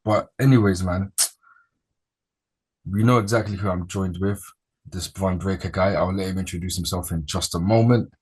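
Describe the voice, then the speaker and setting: A man hosting a casual wrestling chat, relaxed and rambling, with slangy sounding talk. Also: low voice, moderate pace, long pauses, husky. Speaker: podcast host.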